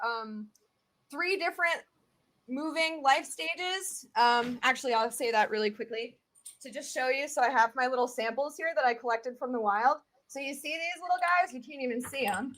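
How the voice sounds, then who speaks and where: A woman with a Southern US accent, talking as an expert guest in a casual interview, chatty and animated with many fillers. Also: sits high.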